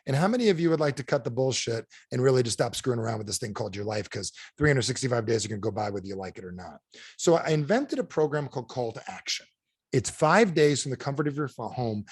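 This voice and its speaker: A man's voice: mid-range voice, a little mellow, slightly rough, no echo, studio quality. A man giving a live seminar talk as a motivational trainer, blunt and salty, who keeps quizzing the audience with "how many of you" questions.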